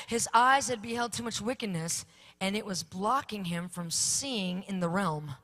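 Bright-voiced woman preaching emphatically. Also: mid-range voice, moderate pace. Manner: emphatic, repetitive preaching cadence. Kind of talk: sermon.

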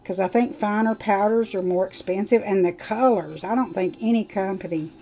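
Live-stream host, woman, country twang, warm mellow tone, rambling chatty demo talk. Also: mid-range voice, moderate pace, low-quality recording. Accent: Southern US country twang. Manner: chatty, rambling, talks to viewers while working. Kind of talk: casual live demo chat.

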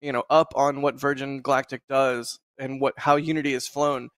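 Relaxed rambling man on a dry video call. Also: mid-range voice, moderate pace, smooth, no room sound. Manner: relaxed, rambling, laughs often. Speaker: host. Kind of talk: casual live-stream chat.

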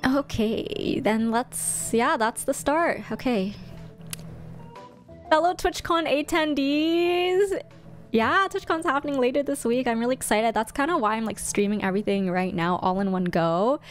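A young woman streamer chatting casually while reacting to a game, excitable and chatty. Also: on the high side, a little slow, faint music behind.

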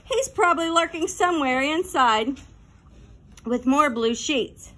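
A bitter young boy bites off every sarcastic line, put on by a woman narrating a storybook. The voice sits high and lifts higher on his complaints. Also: expressive, a little slow, a bit bright. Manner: snappish and sarcastic.

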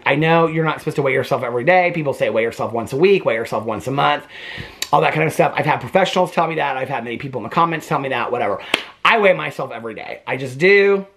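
A man's voice: mid-range voice, a bit bright. A man vlogging from his bedroom at home, chatting casually and rambling, often correcting himself and laughing between words. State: out of breath. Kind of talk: casual chat to camera.

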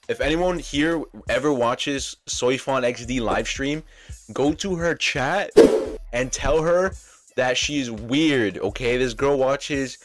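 A young man streaming, reacting to clips with excitable, slangy chatter and frequent laughter. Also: medium pitch. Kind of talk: casual reaction stream chat.

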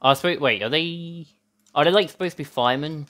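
A young man with a slightly high, bright, forceful voice talks fast while hosting a let's play. His gameplay commentary rambles and chats along, riddled with self-interruptions and restarts, and he sounds hot, sweaty, and a bit winded.

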